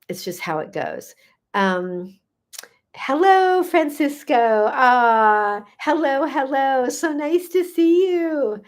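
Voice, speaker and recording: A middle-aged woman hosting a live stream, reading out viewer comments and replying to each one. She gushes and thanks people warmly, with a lot of ums and restarts in her casual, chatty delivery. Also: mid-range voice. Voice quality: effusive, gushing, with many fillers. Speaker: gut health coach hosting a live stream.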